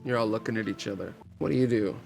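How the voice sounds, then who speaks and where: A man's voice: on the low side, steady tone, fast, gravelly, a little mellow, soft background music. Man narrating a tabletop game. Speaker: game master.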